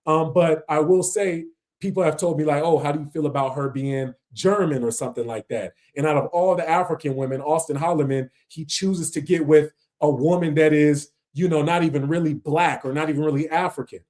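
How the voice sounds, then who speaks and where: Livestream host, man, slightly high voice, slangy and animated, rants freely. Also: fairly quick, few pauses. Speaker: livestream host reacting to videos. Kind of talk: casual livestream reaction commentary.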